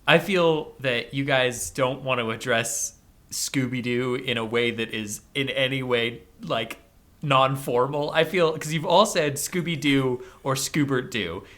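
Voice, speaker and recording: A man hosting a podcast, chatting casually and jokily, now and then breaking into loud mock-panicked shouting. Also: medium pitch. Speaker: podcast host.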